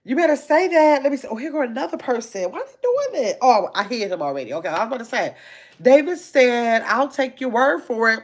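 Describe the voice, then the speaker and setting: A woman hosting a casual livestream, reading viewer comments aloud and chatting quickly and playfully. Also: fairly high pitch. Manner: talks fast, says so herself; lively, chatty, laughs easily. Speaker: livestream host.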